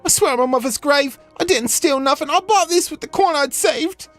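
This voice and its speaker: A man's voice: extremely high pitch, brisk, fairly bright tone, faint music behind, voice pushed up. A man putting on a pleading Cockney refugee girl. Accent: put-on Cockney. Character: frightened young woman refugee, pleading.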